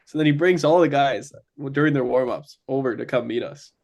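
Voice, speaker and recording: A man's voice: medium pitch, a little fast, creaky, a little mellow. Chatty young guy telling stories. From Ontario, Canada. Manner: chatty, many fillers. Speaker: guest. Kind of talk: casual storytelling.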